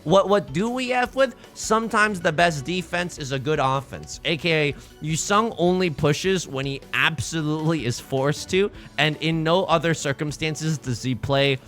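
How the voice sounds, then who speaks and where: A man's voice: fairly high pitch, moderate pace, few pauses, fairly bright tone, faint music behind. A young man streaming from home, giving casual, jokey game commentary in a theatrical, self-mocking way.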